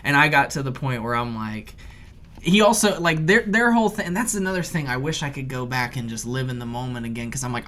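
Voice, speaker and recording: A man co-hosting a podcast, telling a casual story with loose, rambling phrasing full of fillers and restarts, and animated when he acts out his own panic. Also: mid-range voice, quick pace. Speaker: podcast co-host.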